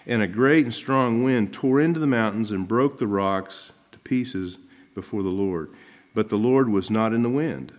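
Brief: middle-aged male pastor, slightly low voice, reads scripture then explains it in plain chatty terms. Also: moderate pace. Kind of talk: sermon.

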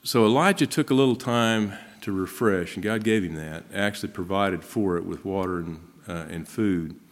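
A man's voice: low-pitched, normal speed. A middle-aged man preaching a sermon, reading scripture aloud and then explaining it in a conversational way. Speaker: pastor.

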